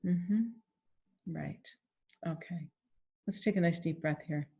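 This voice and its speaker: A woman with vocal fry gently coaches a guided tapping session. She repeats phrases in the first person and pauses for sighs and deep breaths.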